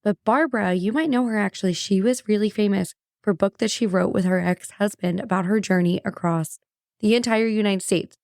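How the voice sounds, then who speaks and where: A woman's voice: medium pitch, a little fast, gravelly, dry recording, clean studio sound. Gushing woman podcast host. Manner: gushing, excitable, addresses listeners as y'all. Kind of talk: casual chat.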